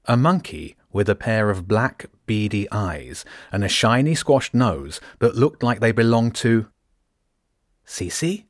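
Male audiobook narrator, lowish voice, steady measured read, dry studio. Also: no echo.

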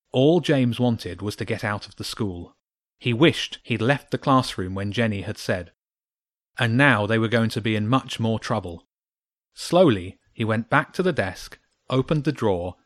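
A man narrating a children's audiobook in a steady, even storytelling manner. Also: mid-range voice, no echo, studio quality. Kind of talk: audiobook reading.

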